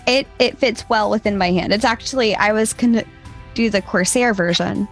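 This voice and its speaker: A woman's voice: medium pitch, normal speed, soft background music. Giggly, chatty woman co-hosting. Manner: giggly, chatty, trails off mid-sentence. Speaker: podcast co-host. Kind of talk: casual gaming podcast chat.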